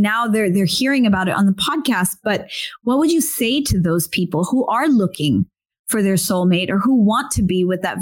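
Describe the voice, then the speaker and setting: Effusive woman hosting a podcast. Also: mid-range voice. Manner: warm, effusive, repeats phrases. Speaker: podcast host. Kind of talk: casual podcast interview.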